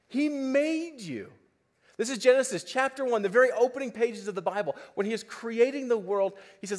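A male pastor preaching a sermon to a congregation, pleading and impassioned, swinging between loud emphasis and hushed asides. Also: very high-pitched, expressive, moderate pace. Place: church before a congregation.

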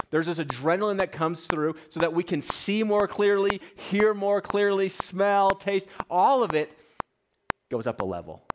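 A man in his thirties, a pastor, opening with a soft prayer and then preaching to a congregation with storytelling and questions to the room. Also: medium pitch, background noise. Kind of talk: sermon. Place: church sanctuary with a congregation.

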